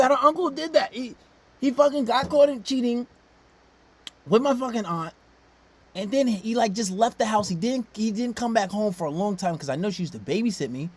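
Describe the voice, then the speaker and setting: A man giving casual reaction commentary, blunt and profane, swinging from low mutters to loud outbursts. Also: sing-song, fairly quick, slight background noise.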